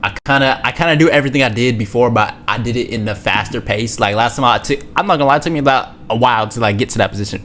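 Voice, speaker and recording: A man's voice: rapid-fire, hardly any pauses, soft background music. Young man rambling through a story. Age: young adult. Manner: rambling, repeats phrases, slangy; drops to a hushed low voice for spicy parts. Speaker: streamer. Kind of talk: casual storytelling.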